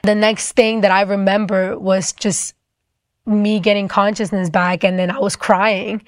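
A woman's voice: medium pitch, flat delivery, measured pace, dry recording. Young woman, casual testimony, dry close sound, chatty fillers. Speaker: storyteller. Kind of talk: personal testimony.

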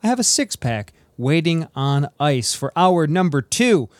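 Male radio host, upbeat casual patter, slightly high voice, dry booth. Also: sing-song, no room sound. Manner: breezy, quick patter, casual fillers.

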